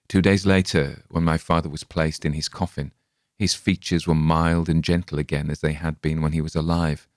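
A man narrating a gothic story in a measured, dramatic reading. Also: low-pitched, no echo, clean studio sound. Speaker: audiobook narrator. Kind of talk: scripted narration.

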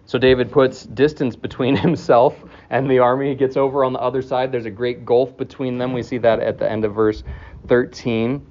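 A man preaching an expository sermon as pastor, animated, chuckling now and then as he explains a passage. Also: medium pitch, normal speed, muffled recording. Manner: animated, acts out scripture dialogue in raised voices.

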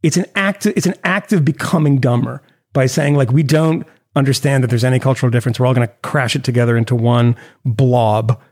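A man with a gravelly, creaky edge to his voice talks casually on a podcast. He rambles and restarts often, jumping animatedly between asides at a middling pitch. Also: brisk, darkish tone. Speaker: podcast co-host. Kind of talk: casual chat.

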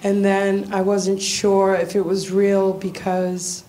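A woman visiting a church, giving a tearful, halting personal testimony with nervous laughs. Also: mid-range voice, level tone, mellow.

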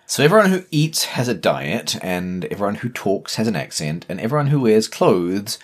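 A man's voice: on the low side, very animated, normal speed. A man with a New Zealand accent, co-hosting a podcast in a casual, emphatic discussion. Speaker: podcast co-host.

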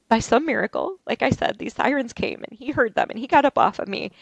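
A woman telling an interview host about a violent attack she survived, talking haltingly with many restarts. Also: on the high side, expressive, creaky, slightly rough, no echo, lo-fi sound. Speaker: interview guest. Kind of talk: recounting a personal ordeal. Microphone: video call.

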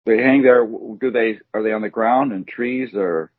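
A man's voice: fairly low pitch, normal speed, husky, no echo. A man co-hosting a podcast, talking in a rambling, hesitant way with many fillers. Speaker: podcast co-host. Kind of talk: casual banter. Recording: tinny phone-like sound.

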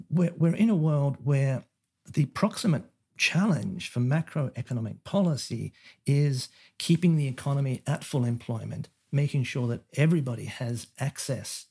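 An economist, guest on a podcast, explains his ideas thoughtfully in a conversational interview, with frequent fillers and restarts. His mid-range voice is mellow and slightly rough.

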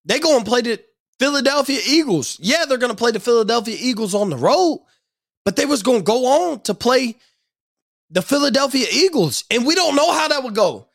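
A man hosting a sports podcast, delivering an angry, profane rant and shouting at times. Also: extremely high pitch, animated, a little fast, creaky, no echo, studio quality.

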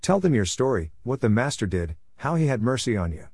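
A man reading a scripture passage aloud and voicing a calm, commanding male teacher in measured, firm speech. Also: medium pitch, slightly rough, dry recording, clean studio sound.

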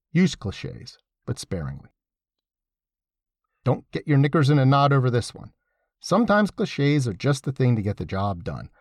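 A man's voice: mid-range voice, no echo, clean studio sound. A man reading his own essay aloud, with wry, sardonic asides and an emphatic delivery. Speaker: essay reader.

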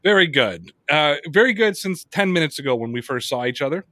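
A man hosting a casual sports podcast. He reads sponsor plugs and tells stories in an animated way, swearing often. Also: fairly high pitch, brisk, no room sound. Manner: animated storyteller, heavy swearing. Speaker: podcast host.

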